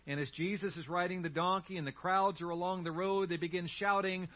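A man preaching a sermon as pastor, telling a story in an animated way with humorous asides. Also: sits high, brisk, few pauses, dull audio.

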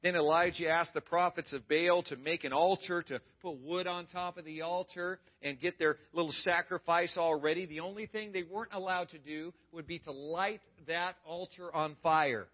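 High-pitched guy preaching, big dramatic storytelling, kinda dull muffled recording. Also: moderate pace, few pauses. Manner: dramatic, animated retelling with swings from loud to hushed. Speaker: pastor. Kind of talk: storytelling sermon.

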